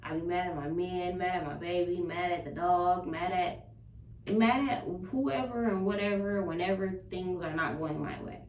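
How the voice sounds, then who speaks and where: A young woman with a fairly low voice talks openly and bluntly in a personal vlog, swearing without restraint. She sits back from the mic in a roomy, echoing space, with faint ambience underneath. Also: normal speed, distant mic. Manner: frank and expressive, swears freely, laughs between thoughts. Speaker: vlogger and spiritual practitioner. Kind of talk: candid personal vlog monologue.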